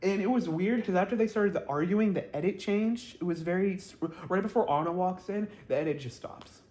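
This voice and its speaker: A man chatting to camera about a reality show, blunt and gossipy, rambling with lots of ums and quick laughs. His voice sits a bit high for a man. The sound bounces around an echoey room. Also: a little mellow. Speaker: reality TV reviewer. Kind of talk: casual vlog commentary. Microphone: camera mic, talking to camera.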